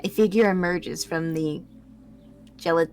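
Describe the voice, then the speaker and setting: A woman's voice: on the low side, slow pace, darkish tone, faint music behind. A woman reading a first-person audio drama script aloud, stumbling and correcting herself with laughing asides.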